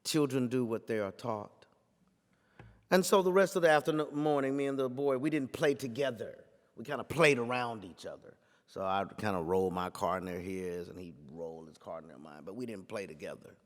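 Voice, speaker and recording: A man's voice: fairly low pitch, normal speed. Male preacher at a lectern; story-driven talk in a preaching cadence, echoing hall. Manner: rhetorical, repeats phrases for emphasis, builds to forceful peaks. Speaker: pastor giving a talk.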